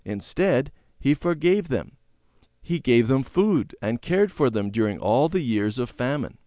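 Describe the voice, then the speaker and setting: A man voicing a patient mother calmly explaining things in a children's storybook reading. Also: mid-range voice, unhurried, no room sound, studio quality. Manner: calm, explaining. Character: patient mother, gentle teaching voice.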